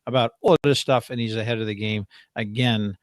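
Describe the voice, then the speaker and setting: A man's voice: lowish voice, steady tone, brisk, dry recording. A man hosting a live-streamed show, chatting casually in a rambling, joking way. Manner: rambling, jokey, trails off and restarts. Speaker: show host.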